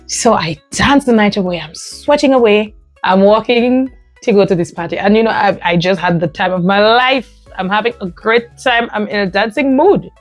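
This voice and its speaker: A woman's voice: mid-range voice, dry recording. Woman telling her own story on a podcast, emphatic and laughy, dry close mic, faint music behind. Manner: animated, emphatic, often laughing. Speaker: podcast host. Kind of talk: personal storytelling monologue.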